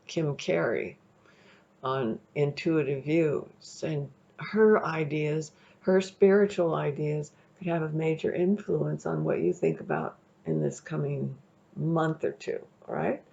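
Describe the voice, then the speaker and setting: Gravelly-voiced woman reading tarot. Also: low voice, slow pace, dark tone. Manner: chatty, rambling, checks in with "okay?". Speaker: tarot reader. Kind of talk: casual tarot reading to camera. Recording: dull lo-fi recording.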